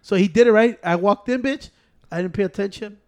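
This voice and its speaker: A man with a high, light voice talks fast and animatedly, hopping between Spanish and English. He swears freely and acts out what others said in his stories. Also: clear, resonant tone. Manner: animated storytelling with quoted voices. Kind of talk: casual chat.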